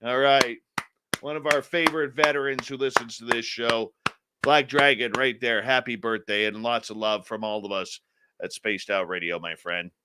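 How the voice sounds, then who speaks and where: A man's voice: mid-range voice, steady tone, moderate pace, sharp tone, clear, resonant tone. A man hosting a live radio show, chatting casually, enthusiastically greeting listeners from the chat. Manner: enthusiastic, reads chat names aloud, playful.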